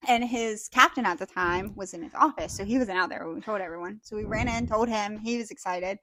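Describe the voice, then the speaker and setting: A young woman co-hosting a podcast, telling a personal story in a casual, animated way, swearing freely and acting out what people said. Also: medium pitch, a little fast, no echo, poor audio. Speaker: podcast co-host.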